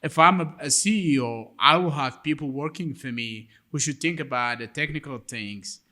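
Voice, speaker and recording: A man hosting a podcast interview, speaking in a measured way and murmuring frequent acknowledgements. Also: fairly high pitch, sharp tone. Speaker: podcast host. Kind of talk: interview conversation.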